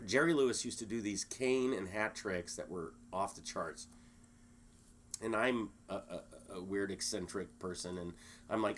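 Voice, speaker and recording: A man being interviewed, telling a story in a lively, animated way and acting out the quotes. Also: lowish voice, a little slow, a little hiss or hum. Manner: animated storyteller, acts out quotes, many restarts. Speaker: guest.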